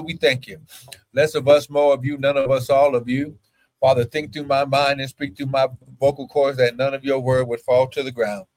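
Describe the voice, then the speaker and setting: A man's voice: medium pitch, fairly bright tone. A man preaching a fervent sermon to a camera he set up himself, repeating phrases and calling out to his listeners. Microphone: own camera.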